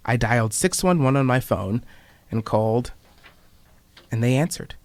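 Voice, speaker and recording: A man's voice: mid-range voice, animated, measured pace, pauses often, a little mellow, dry recording. Young guy reading his own essay on the radio, wry and reflective, dry studio sound. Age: 20s. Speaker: student writer reading his work. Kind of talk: reading personal essays aloud.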